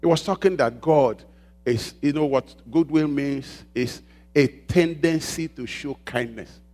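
A man preaching a sermon as pastor, calling out questions for the congregation to answer and slowing down to stress key words. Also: mid-range voice. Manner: call-and-response preaching, prompting the congregation with "what?"; rises and presses louder on key points, slows on emphasized words.

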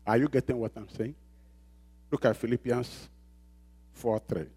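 A man's voice: medium pitch, fairly even intonation, unhurried, mellow, slightly rough. A man preaching a sermon as pastor, emphatic and repeating phrases, calling out questions for the congregation to answer. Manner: call-and-response questions to the congregation.

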